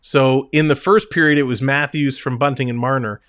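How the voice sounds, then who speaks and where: A man hosts a live hockey stream, reading stats and chatting with guests in upbeat play-by-play style full of jokes. His mid-range voice is fairly even, moderately paced, a bit bright and smooth. The recording is dry with clean studio sound.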